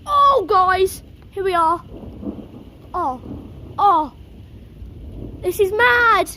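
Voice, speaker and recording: Her voice is extremely high and extremely slow as she vlogs a thunderstorm outdoors, gasping and crying out to viewers in excitement. The storm chaser repeats "oh my God" again and again, filming on a handheld or propped camera while rain, wind and thunder surround her.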